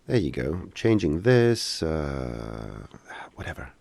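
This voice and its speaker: Low gravelly man. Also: very animated, slow pace, a little mellow, no echo. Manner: casual, joking, hesitant with many fillers. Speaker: software instructor. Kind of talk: live-streamed tutorial Q&A.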